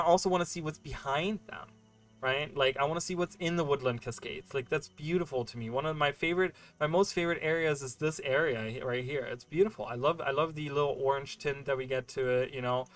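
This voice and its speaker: A man talks through a game on a livestream in loose, rambling chat, full of fillers and checking in with "right?". His voice sits a little on the high side for a man. He breaks off now and then to answer questions from chat. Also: fast talker, a bit bright. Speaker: game streamer.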